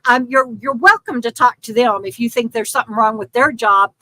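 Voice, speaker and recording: A woman's voice: a little high, fairly quick, bright, forceful tone, no room sound, rough recording. An older woman hosting a casual livestream, rambling in frustration with many restarts and fillers. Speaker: YouTube channel host.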